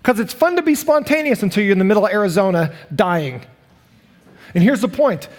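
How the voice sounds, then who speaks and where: A man preaching a sermon as pastor, animated and acting out the voices of the people he quotes. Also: sits high, brisk. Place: church sanctuary. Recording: long hall reverb.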